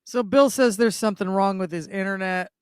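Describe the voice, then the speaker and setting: A woman with a smooth, clear voice hosts a casual podcast chat over a video call. She giggles between lines and keeps the talk light. The sound is dry, with no echo. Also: medium pitch, fairly quick, darkish tone. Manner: giggly, chatty.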